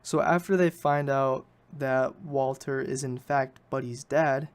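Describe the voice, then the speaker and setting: A man's voice: mid-range voice, fairly even intonation, unhurried, clean tone. Guy on a podcast retelling a movie plot, rambly, keeps correcting himself. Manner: rambling, self-correcting, hedges often. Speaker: podcast host. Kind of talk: casual movie recap.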